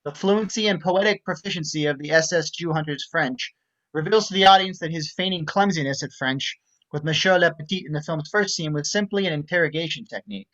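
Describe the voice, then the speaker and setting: A man's voice: on the high side, brisk, a bit bright. Wry male narrator on a lo-fi mic. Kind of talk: reading stage directions with commentary.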